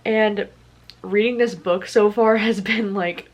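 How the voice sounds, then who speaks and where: A woman's voice: mid-range voice, steady tone, takes it slowly, rough recording. A young woman in her twenties chatting about books she has read, candid and open. Her talk is loose and full of "like" fillers. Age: 20s. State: tearful. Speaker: book vlogger. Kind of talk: casual vlog chat.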